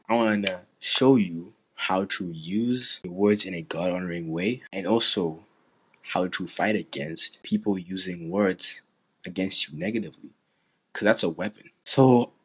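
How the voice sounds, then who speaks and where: Husky-voiced young man giving faith talk. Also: fairly low pitch, fairly bright tone. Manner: earnest, measured, laughs now and then. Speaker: Christian YouTuber. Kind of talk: motivational talk.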